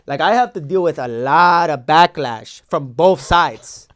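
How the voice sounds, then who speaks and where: Rambling and slangy, a man in his twenties who co-hosts a podcast improvises a comedy bit as a young Mexican-American immigration agent, defensive and boastful, with a Los Angeles valley accent. His voice runs on the high side, fairly bright and clean, at a measured pace.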